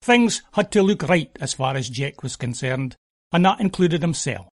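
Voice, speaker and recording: Scottish man, dialect storytelling, wry, homely, high voice, dry close sound. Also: expressive, normal speed, vocal fry, dry recording. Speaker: narrator. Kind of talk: dialect storytelling of an audio play.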